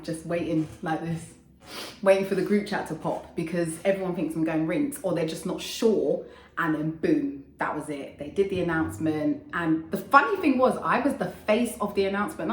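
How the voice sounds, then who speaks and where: A woman, telling her story in a chatty, animated vlog as a radio DJ, swearing casually and making quick asides. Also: fairly low pitch. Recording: echoey room.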